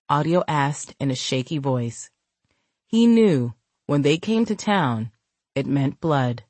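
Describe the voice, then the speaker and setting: Woman narrating an audiobook, deep voice, dry close sound. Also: animated, a little slow, a little mellow, no room sound. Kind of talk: audiobook narration of an urban crime novel.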